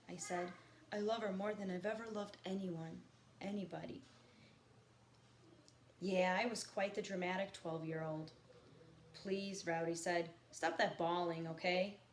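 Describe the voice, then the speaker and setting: A woman teacher reading a novel aloud to her students, stopping for quiet teaching asides. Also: lowish voice. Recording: echoey room with faint background noise.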